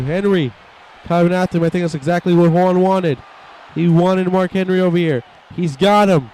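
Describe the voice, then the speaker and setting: A man giving excitable play-by-play commentary over a wrestling video game and voicing the wrestlers' thoughts in quick asides. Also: high-pitched, slight background noise. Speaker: gameplay commentator.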